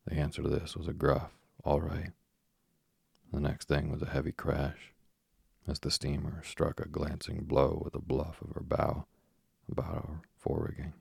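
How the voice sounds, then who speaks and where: A man narrating a first-person story in a measured, steady storytelling manner. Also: rumbling low, gravelly, slightly rough, no room sound, studio quality. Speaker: audiobook narrator.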